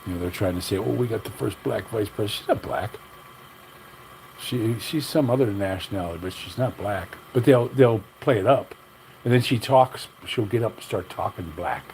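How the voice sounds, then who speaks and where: A man's voice: fairly low pitch, moderate pace, a little mellow, a little hiss or hum, low-quality recording. An older man hosting a livestream, talking bluntly in a rambling, opinionated way. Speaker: livestream host. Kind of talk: casual livestream rant.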